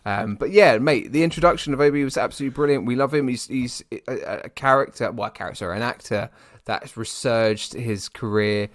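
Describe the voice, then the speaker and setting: A man's voice: medium pitch, fairly quick, dry recording, clean studio sound. A young British man co-hosting a casual podcast, talking in a rambling way with many restarts and fillers. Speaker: podcast co-host. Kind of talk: casual chat.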